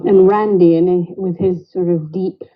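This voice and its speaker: A woman's voice: on the low side, steady tone, normal speed. Mancunian woman on a dull call line. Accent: Northern English, Greater Manchester. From England. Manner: chatty, laughs easily. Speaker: caller. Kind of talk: casual chat. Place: garden outdoors in rain.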